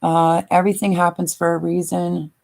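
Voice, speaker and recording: A woman's voice: fairly low pitch, little pitch movement, normal speed, vocal fry, darkish tone. An older woman chatting casually on a live stream, tired and emotional, rambling with many fillers. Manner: emotional, rambling, tearful at times.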